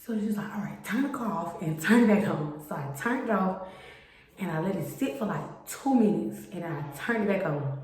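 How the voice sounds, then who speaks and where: A young woman casually telling a storytime about her car, chatty and animated, acting out the people in her story. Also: medium pitch, normal speed. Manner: chatty, animated retelling with quoted voices. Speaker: vlogger. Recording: very echoey room with faint noise.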